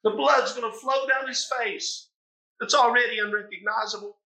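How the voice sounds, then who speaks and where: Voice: mid-range voice, steady tone, normal speed, sharp tone, low-quality recording. A preacher delivering a sermon in a dramatic, impassioned storytelling manner.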